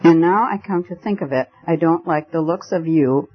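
A man's voice: fairly high pitch, normal speed, slightly rough. Brief: blunt bobby, stern and suspicious, a man reading him, muffled lo-fi sound. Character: gruff London police constable, stern and suspicious. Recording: dull lo-fi recording.

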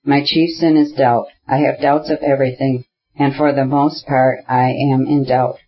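A man's voice: medium pitch, little pitch movement, moderate pace, husky, lo-fi sound, close to an everyday voice. A man reading a doubting young groom.

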